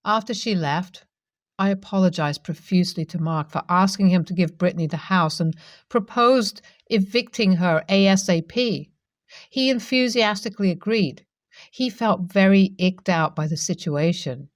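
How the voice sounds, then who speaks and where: A woman reading a first-person story as scripted narration, in a steady, even way. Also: mid-range voice, measured pace, no room sound, studio quality.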